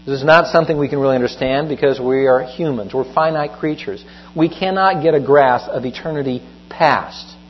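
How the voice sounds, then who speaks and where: Husky-voiced man teaching a sermon. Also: medium pitch. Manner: measured Bible teaching, stresses key phrases. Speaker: preacher. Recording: dull lo-fi with mains hum.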